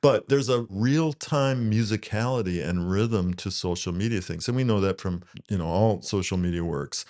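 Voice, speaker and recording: A man with a fairly low voice talks loosely about his work in a casual interview. He rambles a little and often breaks into laughter. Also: normal speed, few pauses, a little mellow. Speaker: guest, net prov creator.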